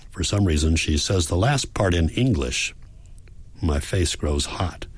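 Deep-voiced male audiobook narrator. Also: lively intonation, slightly rough, no room sound. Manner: measured, reflective. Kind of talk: first-person audiobook narration.

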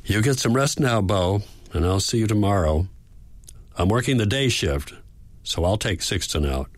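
A man voicing a calm, practical female caregiver who speaks gently but matter-of-factly. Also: fairly low pitch, normal speed, dry recording. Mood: gentle.

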